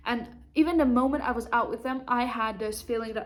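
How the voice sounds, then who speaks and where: A young woman speaking to the camera from home, her voice sitting a little high for a woman. She tells a personal story and slips into a higher, livelier voice whenever she quotes someone. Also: a little fast. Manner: acts out quoted dialogue in a raised voice. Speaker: vlogger.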